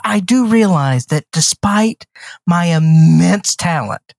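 A man in his thirties banters on a podcast, cursing freely and puffing himself up in mock grandeur. His pitch swings widely and he laughs often. The sound is dry and close, with no room echo. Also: animated, slow, creaky, darkish tone. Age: 30s. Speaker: podcast co-host. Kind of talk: casual chat.

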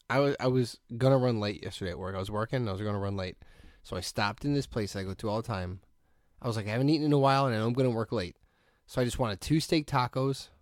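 Man, podcast co-host, mid pitch, dry studio sound; animated storyteller who acts out quotes. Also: dry recording. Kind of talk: casual chat.

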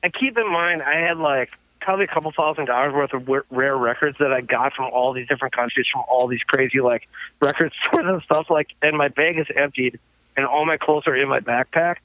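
A man, a guest musician, telling tour anecdotes in a casual, animated way, laughing often and swearing freely. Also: medium pitch, a little fast, no echo. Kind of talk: casual storytelling. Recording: dull lo-fi sound, dry.

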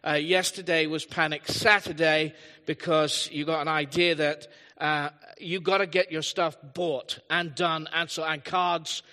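A man's voice: a little high, fairly even intonation, unhurried, hardly any pauses, pushed and bright. A man preaching a live sermon as pastor, telling chatty stories with humorous asides in a church hall. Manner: chatty storytelling with asides and self-deprecating humor. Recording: long hall reverb.

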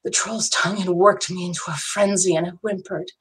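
A woman with a slightly low voice tells a first-person fantasy tale. Her reading is intimate and dramatic, at times sinking almost to a whisper. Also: steady tone, brisk, hardly any pauses, husky. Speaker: narrator. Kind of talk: first-person story narration.

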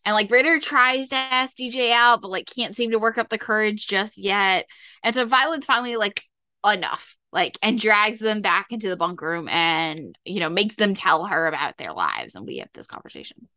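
A woman's voice: medium pitch, animated, normal speed, pushed and bright. A young woman co-hosting a podcast, recapping a TV episode in a chatty, casual way, acting out quotes. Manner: chatty, acts out quotes, lots of "like". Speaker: podcast co-host.

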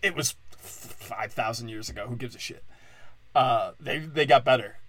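Speaking at a normal speed in a medium pitch with a fairly bright tone, this podcast host riffs through an irreverent comedy monologue. It's rambling, peppered with "like," and broken up by frequent laughter.

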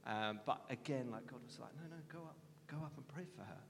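Guy with a gravelly lowish voice telling his faith story, kinda self-deprecating, big echoey hall w faint rumble. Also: brisk, fairly bright tone. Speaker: guest speaker.

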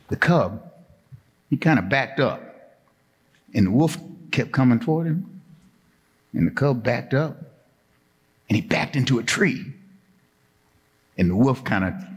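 A man's voice: medium pitch, measured pace, pauses often, big-room sound. A man preaching a children's sermon, telling a playful animal story and getting the congregation to join in. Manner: playful, animated, draws the crowd in. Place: church sanctuary.

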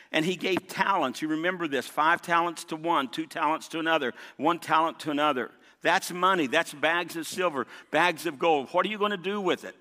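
A pastor preaches a sermon in a large church sanctuary, emphatic, repeating key points and calling on the congregation for responses. His voice is fairly high in pitch with a sharp tone, and the big hall gives the recording a long reverb.

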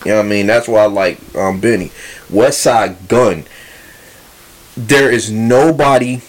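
A man's voice: lowish voice, unhurried. A man co-hosting a casual hip hop podcast, rambling a little with fillers and restarts. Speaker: podcast co-host.

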